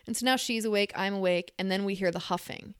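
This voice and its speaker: A young adult woman co-hosting a podcast, reading a scary story and then chatting, with animated, halting storytelling full of fillers. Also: mid-range voice, clean tone, no room sound, studio quality. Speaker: podcast co-host. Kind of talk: casual chat and story reading.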